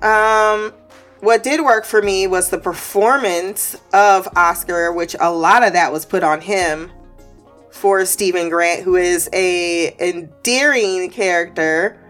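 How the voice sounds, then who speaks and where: A woman's voice: lowish voice, takes it slowly, fairly bright tone, faint music behind. A woman giving a casual, wry review of a TV episode, with filler words, restarts and sarcastic asides. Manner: sarcastic asides and frequent laughs.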